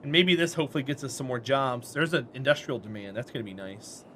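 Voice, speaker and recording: A man's voice: mid-range voice, fast talker, a bit bright, a little hiss or hum. A man streaming a game and chatting casually with his viewers, friendly and talkative, answering chat by name and laughing often.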